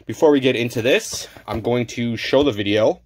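A man's voice: mid-range voice, normal speed, a little hiss or hum. A man hosting a card-opening video, chatting casually and stumbling over names as he goes. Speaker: card-opening channel host. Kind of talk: casual unboxing chat.

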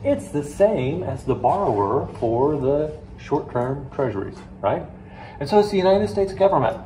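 A man's voice: fairly high pitch, very animated, moderate pace, dark tone. Man lecturing a class in a roomy hall. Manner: storytelling, asks the class questions, jokey asides. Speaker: finance lecturer. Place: classroom with a live audience. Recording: roomy classroom with faint noise.

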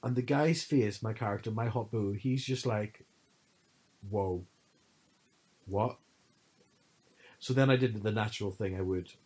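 A man co-hosting a podcast, telling stories in an animated, casual chat full of fillers. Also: on the low side, a little fast, hardly any pauses, breathy edge, poor audio. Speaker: podcast co-host.

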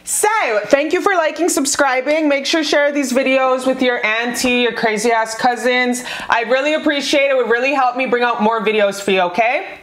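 A woman's voice: high voice, brisk, a bit bright. A woman reading tarot cards for her viewers in a casual vlog, gushing and swearing freely as she talks. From North America. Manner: bubbly, profane, gushing. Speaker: tarot reader. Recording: echoey room.

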